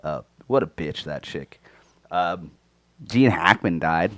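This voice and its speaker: Rough-throated man in crude casual chat. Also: deep voice, animated, takes it slowly, a bit bright, dry recording. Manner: crude, rambling, swears a lot. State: sore throat, coughing. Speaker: podcast co-host. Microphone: close microphone.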